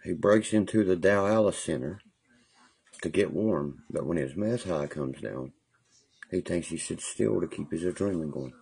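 A man's voice: low voice, moderate pace, vocal fry, slightly rough. A man livestreaming from his phone, telling rambling, profane stories about jail in a casual way. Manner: profane, animated storytelling with laughs. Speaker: livestream vlogger. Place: parked car.

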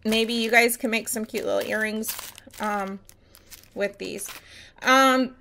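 A woman talks her way through her nail supplies in a relaxed home vlog, rambling and candid with plenty of fillers. Her voice is bright and crisp, and faint noise sits behind her. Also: fairly high pitch, slow pace, poor audio. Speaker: nail artist selling supplies. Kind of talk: casual show-and-tell vlog.

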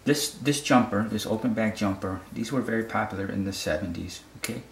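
A man's voice: fairly low pitch, fairly quick, gravelly, slight background noise. A man from the United States explaining a fashion photo casually, often repeating words and checking in with "okay?". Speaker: photography critic. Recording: roomy echo.

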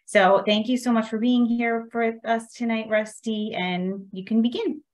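A woman's voice: a little high, fairly even intonation, a little slow. Woman hosting a town workshop. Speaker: town staff host introducing speaker. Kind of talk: event introduction.

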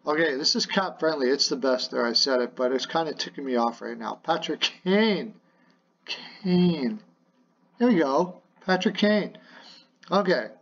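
A man with a slightly high voice runs a playful hockey rumour show from his apartment. He rambles along with fillers and jokes. The recording sounds a little dull and lo-fi. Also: expressive, a little slow, vocal fry, a bit bright. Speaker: hockey podcast host. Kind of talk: casual hockey rumour talk. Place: home apartment.

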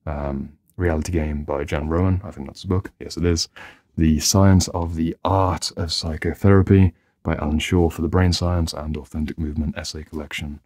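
Deep dark-toned man, calm therapist musing to camera, dry close sound. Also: no echo. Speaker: therapist and host. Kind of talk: reflective solo talk to camera.

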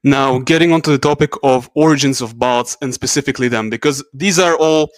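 A man's voice: medium pitch, fairly quick, no room sound. Man giving a casual lecture. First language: Russian. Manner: casual, explains with asides and self-corrections. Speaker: YouTube channel host. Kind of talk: educational talk.

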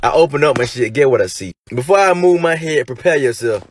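A young man, talking in casual comedic commentary, animated, slangy and quick to laugh and swear. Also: medium pitch, slight background noise. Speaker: content creator.

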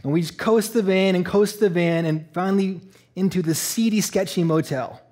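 A man from Eastern Canada telling a personal story in a sermon, animated and laughing, acting out the voices. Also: high voice, moderate pace. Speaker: church speaker.

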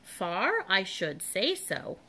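A very old male seagull from a storybook, croaky and set in his ways, as a woman reads him aloud. He answers plainly and without fuss. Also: mid-range voice, wildly swooping pitch, takes it slowly, bright, forceful tone, full character voice. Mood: matter-of-fact. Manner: croaking, matter-of-fact.

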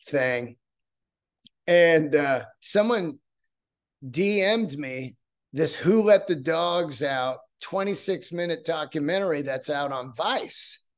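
A man hosting a podcast, telling a story in a casual, profane, excitable way. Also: on the high side. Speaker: podcast host.

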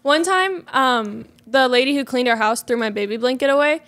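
A woman's voice: high voice, normal speed, crowd noise. A woman co-hosting a podcast in casual chat, playful and teasing with her co-hosts. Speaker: podcast co-host.

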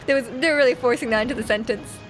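A bubbly young woman with a bright, high voice chats with her viewers while playing, laughing often and teasing them. Her reactions jump up excitedly at tense moments in the game. Faint game music plays quietly behind her. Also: rapid-fire. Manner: giggly and excitable, reacting loudly to gameplay; reads chat aloud and teases viewers. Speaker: streamer. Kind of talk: casual live game stream, chatting with viewers.

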